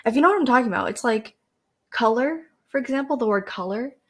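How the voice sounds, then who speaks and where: A woman's voice: on the high side, animated, quick pace. A teenage girl from Canada, rambling casually to camera as a podcast host, with lots of fillers and restarts. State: dry throat.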